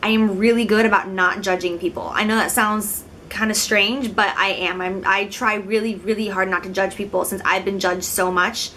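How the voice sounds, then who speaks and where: A woman's voice: mid-range voice, fairly even intonation, moderate pace, few pauses, a bit bright, a little hiss or hum. A young woman in her twenties, from Illinois, talking casually to the camera in a chatty, giggly, self-deprecating way. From Illinois, United States. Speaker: beauty vlogger.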